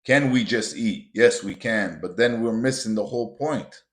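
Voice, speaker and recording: A man hosting a motivational podcast, talking bluntly and with a lot of profanity, often building up to loud, emphatic rants. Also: fairly low pitch, normal speed. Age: adult with children. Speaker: podcast host.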